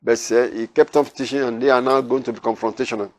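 A man teaching the Bible verse by verse, reading scripture aloud and then explaining it in loose, halting asides. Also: medium pitch, fairly even intonation, darkish tone, no echo.

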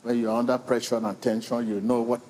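The preacher, a middle-aged man, builds his sermon out of slow, rhythmically repeated phrases and calls for the congregation's response. His voice is dark and medium-pitched with a flat delivery, and there is slight background noise.

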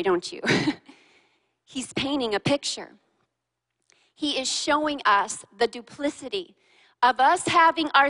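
A woman preacher with a high voice leads a lively sermon, throwing questions at her congregation and joking with them. Her tone is bright and sharp. A long reverb from the large hall trails behind every word. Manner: animated, fires questions at the congregation and teases them. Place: large church hall with a live and online congregation.

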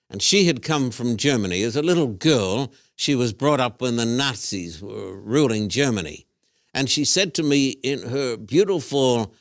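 A man hosts an interview as a pastor, in a measured voice. He asks pointed rhetorical questions. The recording is dry, with no room sound. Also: mid-range voice, no echo.

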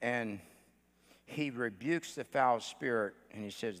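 A male pastor preaching a sermon, swinging between shouted declarations and hushed storytelling, with many "uh" fillers between phrases. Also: medium pitch, animated, measured pace. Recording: long church hall reverb.

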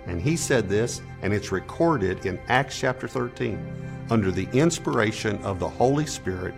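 Pastor, lowish male voice, emphatic preaching delivery in a reverberant church hall. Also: expressive, normal speed, vocal fry. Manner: emphatic preaching, building in force and pitch. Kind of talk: sermon. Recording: long hall reverb with faint music.

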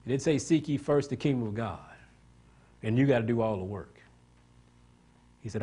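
A man's voice: mid-range voice, brisk, a little mellow, husky. A man preaching a sermon, pushing each point up into emphatic, rising climaxes and drawing call-and-response from the congregation. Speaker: pastor.

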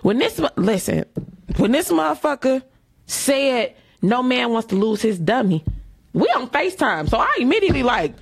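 A woman hosting a casual talk show, telling a story in a lively way and swearing freely. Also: fairly high pitch, normal speed, vocal fry, slightly rough, dry recording, clean studio sound. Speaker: podcast host. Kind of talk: casual chat.

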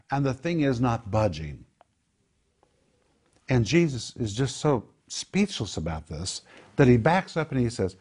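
Emphatic animated male preacher. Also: lowish voice, a little slow. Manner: animated, emphatic, rhetorical questions. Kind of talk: sermon.

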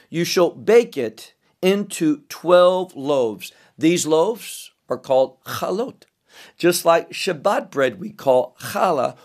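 A man teaching scripture verse by verse, reading each verse aloud and explaining the Hebrew words. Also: a little high. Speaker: Bible teacher.

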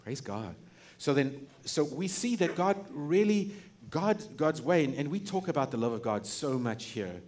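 A middle-aged pastor preaches a sermon in an animated, conversational way, frequently restarting sentences and laughing. His voice is a little high, his pace unhurried, with hardly any pauses.

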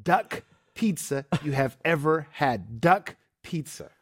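A man's voice: fairly high pitch, sing-song, slow, husky. A man in casual chat who adds playful asides.

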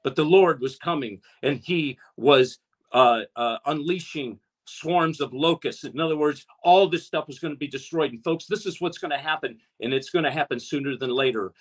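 A man's voice: fairly high pitch, normal speed. A man preaching an impassioned online sermon, with his voice rising as he exhorts his listeners. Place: streamed online, talking to a chat audience.

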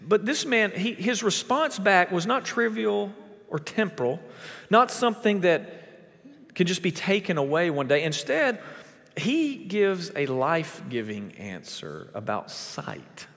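A man preaching a sermon as a pastor, emphatic, with big swings in pitch and volume. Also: sing-song, a little slow, vocal fry, a bit bright, big-room sound.

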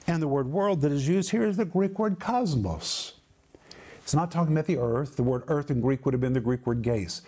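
Guy preaching a bible lesson, kinda high voice, leans hard on words and repeats em. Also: mellow. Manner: emphatic, drawn-out phrasing, repeats key words. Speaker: Bible teacher. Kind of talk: teaching sermon.

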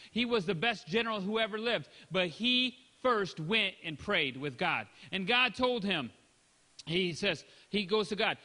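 A man preaching a sermon, his voice high and bright. He swings between loud, forceful lines and soft, dropped asides as he acts out small exchanges. The sound carries the long reverb of a big hall. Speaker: pastor.

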